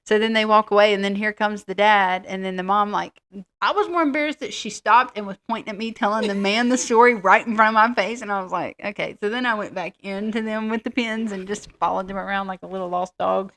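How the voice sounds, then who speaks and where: A woman's voice: medium pitch, fairly even intonation, fast, fairly bright tone. Chatty middle-aged woman telling stories. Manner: rambling storyteller, self-deprecating. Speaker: co-host. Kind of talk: casual chat.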